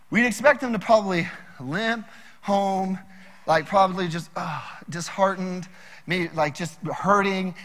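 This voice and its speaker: A young man preaching a sermon as pastor, telling stories with animated, acted-out quotes. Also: high-pitched, big-room sound.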